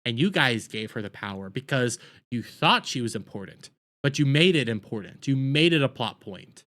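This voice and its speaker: A man hosting a TV review, ranting in exasperation and swinging between loud outbursts and low muttering. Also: animated, moderate pace. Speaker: TV review host.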